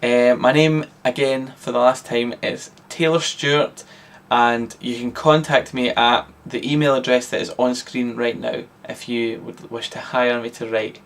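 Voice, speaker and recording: Brief: Scottish man, deadpan reader of his own short story. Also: medium pitch, measured pace. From Scotland. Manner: deadpan, matter-of-fact reading.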